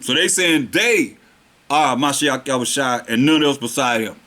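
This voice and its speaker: A man teaching scripture as a preacher, reading verses slowly and then restating them in plain street talk. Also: medium pitch, animated, sharp tone. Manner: slows down to stress the verses.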